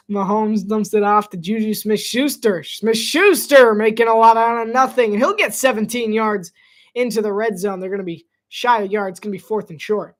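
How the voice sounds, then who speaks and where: Solo live football caller, male, light high voice, chatty and jokey, laughs a lot. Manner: chatty, laughs often, self-deprecating asides. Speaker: solo sports commentator. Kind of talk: casual live play-by-play commentary.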